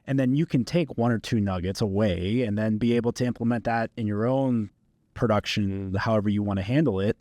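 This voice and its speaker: A man with a fairly low voice hosts a casual podcast. He muses in a friendly, loose way. His voice sounds close and dry. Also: brisk, warm tone, no echo. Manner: friendly and reflective, loose phrasing. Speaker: podcast host.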